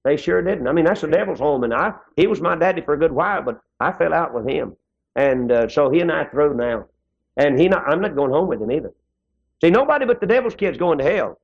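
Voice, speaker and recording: A man preaching a sermon in a folksy way, his pitch rising and dropping suddenly. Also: lively intonation, a little fast, gravelly, slightly rough. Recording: dull lo-fi old sermon tape.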